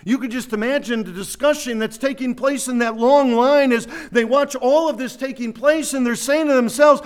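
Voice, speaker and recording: A man preaching a sermon, teaching verse by verse through a Bible passage with animated explanation. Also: very high voice, normal speed, few pauses.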